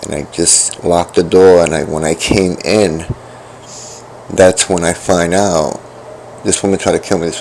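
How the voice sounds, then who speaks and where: A middle-aged man with a deep, gravelly voice tells a personal story. He stops and restarts often and fills gaps with "like" and "you know". A faint hiss sits under the recording. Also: fairly even intonation, a little mellow. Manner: halting, repeats himself, many fillers. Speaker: vlogger. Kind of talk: rambling personal account.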